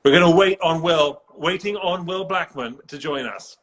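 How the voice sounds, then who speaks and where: A man's voice: fairly high pitch, moderate pace, fairly bright tone. A man with an English accent hosting a casual live video chat, playful and teasing, laughing often. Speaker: host. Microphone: video call.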